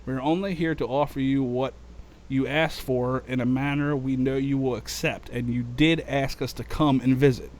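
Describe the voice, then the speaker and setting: A man voicing a calm, dry-witted male alien envoy, reading in a slightly higher, softer, measured voice. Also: slight background noise, close to an everyday voice.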